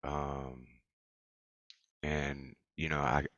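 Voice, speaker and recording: A man hosting an online open mic, speaking haltingly with many ums and restarts. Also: extremely low pitch, level tone, a bit bright, no room sound, highs cut off. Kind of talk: casual hosting.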